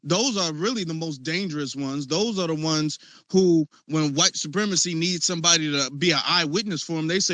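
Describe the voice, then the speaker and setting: A man hosting a casual online discussion, animated and mocking as he acts out the people he criticizes. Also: on the high side, a little fast, dry recording. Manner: animated, mocking quoted voices.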